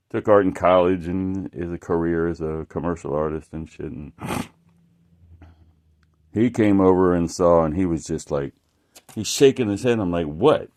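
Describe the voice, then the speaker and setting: A man's voice: low voice, a little mellow. A man talking casually about his art in a rambling, profane way, often stopping and restarting mid-sentence. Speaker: artist showing his work.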